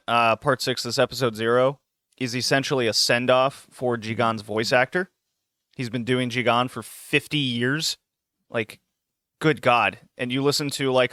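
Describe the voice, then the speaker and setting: A man's voice: medium pitch, fairly bright tone, no room sound, studio quality. A man hosting a podcast, chatting casually and rambling through recommendations. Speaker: podcast host.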